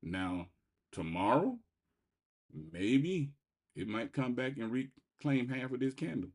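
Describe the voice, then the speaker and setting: A man hosting a trading channel, giving live market commentary over his screen in an excitable, rambling way, repeating himself and swinging between loud bursts and quiet muttering. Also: medium pitch, slow pace.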